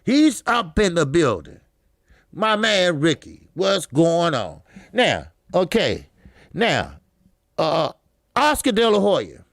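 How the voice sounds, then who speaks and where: A man hosting a live boxing talk stream, loud and profane, laughing often and calling out greetings to chatters. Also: high-pitched, creaky, dry recording, studio quality. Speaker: boxing talk show host.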